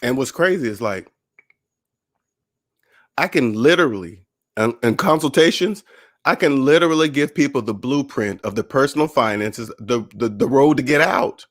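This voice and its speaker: The medium-pitched voice of a man hosting his own personal finance channel comes at a moderate pace. Casual and motivational, he tells stories animatedly, acting out other people's voices as he quotes them.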